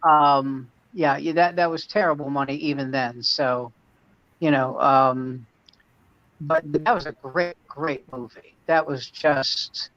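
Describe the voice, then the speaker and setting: A man's voice: medium pitch, fairly even intonation, slow pace, fairly bright tone. A man comedian telling rambling anecdotes in casual chat. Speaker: comedian and podcast co-host. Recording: dull lo-fi dry sound.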